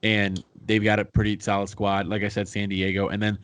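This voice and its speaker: A young man rambles through a loose sports chat on a podcast. His voice sits a little low and stays easygoing, with the odd curse thrown in. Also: monotone, a little fast, a bit bright. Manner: laid-back, rambling sports talk with profanity. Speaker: podcast co-host.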